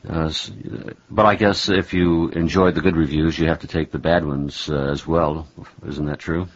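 A man interviewing a guest in a relaxed conversation, hesitant with many fillers and a wry humor. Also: rumbling low, slow, long pauses. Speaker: interviewer and author. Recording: dull lo-fi recording.

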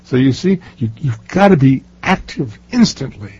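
A man's voice: mid-range voice, lively intonation, normal speed, dark tone, slightly rough. An older man, an author being interviewed, telling stories emphatically with many fillers and restarts. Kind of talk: casual interview talk. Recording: muffled lo-fi recording.

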